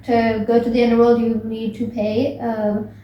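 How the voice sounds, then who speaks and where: A woman's voice: fairly high pitch, completely flat delivery, moderate pace, highs cut off. Young woman rambling a plot recap. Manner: rambling, many ums and restarts. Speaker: book recap vlogger. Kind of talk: casual plot retelling. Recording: echoey room, voice from a distance.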